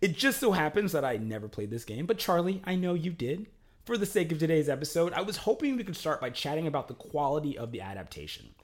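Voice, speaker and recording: A man's voice: fairly high pitch, sing-song, fast talker. A young man hosting a podcast, playful and jokey, moving between casual chat and a scripted intro. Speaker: podcast host.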